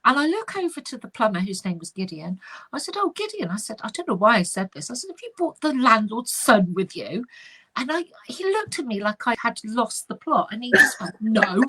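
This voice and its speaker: A middle-aged woman, a spiritual medium telling an animated story in casual chat. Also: on the high side, brisk, husky. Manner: animated anecdotal, chatty with fillers.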